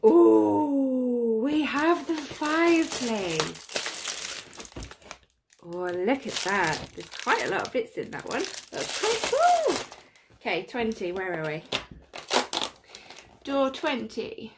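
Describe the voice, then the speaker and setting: A woman chatting through an unboxing, her voice high and swooping with lively pitch jumps. She gushes and gasps over each find and talks at an unhurried pace. Plastic crinkling and clicks sit clearly behind her. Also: background noise. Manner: gushing, gasps often. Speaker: unboxing vlogger. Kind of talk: casual unboxing commentary.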